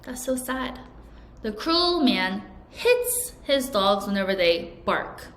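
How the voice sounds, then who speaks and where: A woman with a fairly high voice leads a vocabulary lesson, explaining each word and reading example sentences for learners to repeat. Her voice echoes in the room. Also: sing-song, slow pace, a bit bright. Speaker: English teacher.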